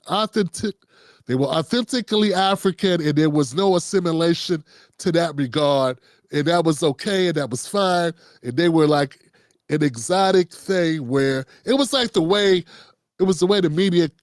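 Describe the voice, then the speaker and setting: A man's voice: sits high, no echo, clean studio sound. A man hosting unscripted political commentary, talking casually and riffing, slipping into quoted voices.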